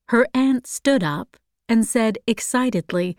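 A woman reads a novel aloud in a calm, measured audiobook style. She goes slowly, and the close, dry sound keeps her voice intimate. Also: mid-range voice, no echo. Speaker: narrator. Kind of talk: audiobook narration.

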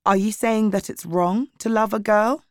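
A woman's voice: mid-range voice, fairly even intonation, normal speed, dry recording, clean studio sound, pitched above the performer's own voice, lightly acted. A woman voicing a hurt, angry teenage girl with blunt, defiant replies in a storybook reading.

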